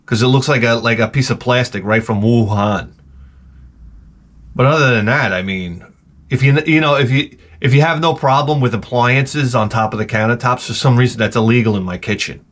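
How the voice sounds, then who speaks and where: A man's voice: medium pitch, moderate pace. Profane middle-aged man ranting. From Long Island, New York. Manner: profane, animated storytelling with many restarts. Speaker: host. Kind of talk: rambling comic monologue.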